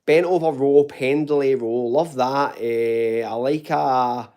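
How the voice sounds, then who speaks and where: A Glaswegian man with a warm, dark tone chats loosely through a live question session from home. He talks informally, tossing in "mate" and "buddy" and the odd swear word. His Scottish accent is softened but still clear. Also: medium pitch, takes it slowly. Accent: Glaswegian Scottish, toned down. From Glasgow, Scotland. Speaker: fitness channel host answering live chat. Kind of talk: casual live Q&A chat.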